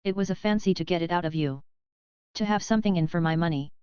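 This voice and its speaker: A woman's voice: lowish voice, quick pace, a little mellow, clear, resonant tone, no room sound, highs cut off, lightly acted. A woman reading the lines of a frail, grasping old moneylender in a storybook, wheedling and wheezy. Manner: fawning, wheezy, crafty.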